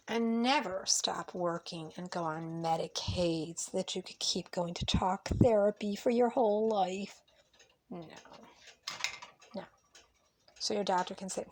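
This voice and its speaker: At home in her kitchen, a woman vlogger chats casually while cooking, sharing blunt, emphatic opinions and cursing freely. Her voice is mid-range and a little mellow, with a slight hiss or hum in the audio.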